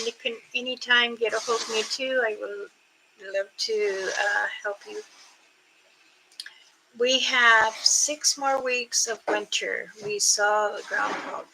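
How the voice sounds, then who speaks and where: An older woman hosting a casual live stream, chatting slowly with viewers and imitating creature calls. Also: a little high, background noise. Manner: slow, unhurried talk with frequent fillers. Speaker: livestream host.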